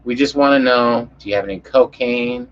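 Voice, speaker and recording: A man voicing a laid-back stoner police officer who talks in a mellow, falsely friendly way. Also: medium pitch, moderate pace, close to an everyday voice. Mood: easygoing. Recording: muffled lo-fi audio.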